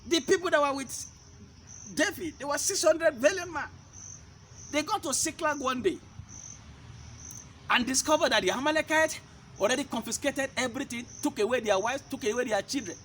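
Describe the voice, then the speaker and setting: A man's voice: very high-pitched, moderate pace, long pauses, fairly bright tone, a little hiss or hum. A man preaching a sermon-style teaching. He fires rhetorical questions at his listeners and hammers his points by repeating them. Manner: emphatic, repeats key points.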